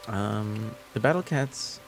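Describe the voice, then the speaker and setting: A young man with a French Canadian accent talks casually to his stream viewers at a slow, unhurried pace. His speech is soft and halting, full of restarts. Faint music plays underneath. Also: fairly low pitch. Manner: hesitant, many restarts, soft-spoken. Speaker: livestream host. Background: faint background music.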